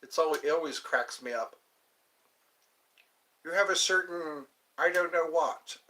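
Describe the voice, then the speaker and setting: A man's voice: a little high, unhurried, long pauses, bright, forceful tone. A man hosting a livestream, chatting in a rambling, amused way that keeps drifting into asides, heard through a computer mic. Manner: meandering, amused, trails off into asides. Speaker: livestream host. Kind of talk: rambling casual chat to viewers.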